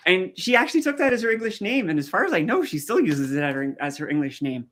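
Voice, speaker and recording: A man's voice: fairly high pitch, very animated, fast talker, few pauses, a bit bright. A man from rural eastern Canada hosting a live stream in casual chat, telling stories and answering viewer comments. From rural east coast of Canada.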